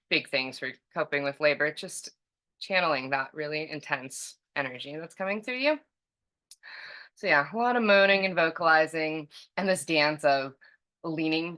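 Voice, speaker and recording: A woman's voice: deep voice, pushed and bright. A young adult woman from California, a podcast guest telling a personal story casually, chatty with many fillers and frequent laughs.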